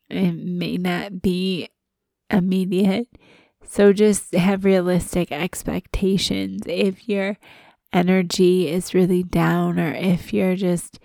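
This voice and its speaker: A woman's voice: fairly low pitch, gravelly, mellow, no room sound. A woman co-hosting a casual podcast, stuffy with a head cold, talking candidly and self-deprecatingly. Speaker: podcast co-host.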